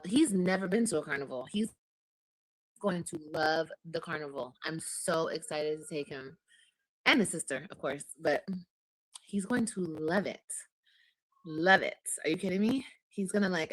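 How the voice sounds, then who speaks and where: Husky-voiced woman chatting to viewers. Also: low voice, normal speed, fairly bright tone, rough recording. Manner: chatty, talks to viewers and reads comments. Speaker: vlogger. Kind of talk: casual chat.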